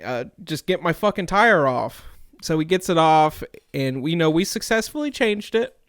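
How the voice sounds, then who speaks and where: A young man co-hosting a podcast, telling a story in a casual, profane, animated way. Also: a little high, normal speed, no echo, clean studio sound. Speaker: podcast co-host.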